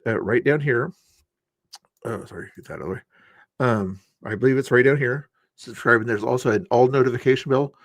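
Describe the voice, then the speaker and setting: A man streaming from a home setup, talking in an offhand, chatty way with sarcastic asides. His voice is mid-pitched and recorded close, with a very dry sound and no room echo. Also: fairly quick. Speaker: streamer and channel host. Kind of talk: casual live-stream commentary.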